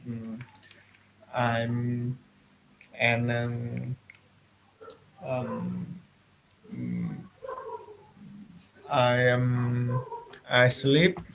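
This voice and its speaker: A man student speaking haltingly in an English class over a video call, with long pauses and murmured fillers. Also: medium pitch, vocal fry, fairly bright tone, a little hiss or hum, rough recording. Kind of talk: halting language practice.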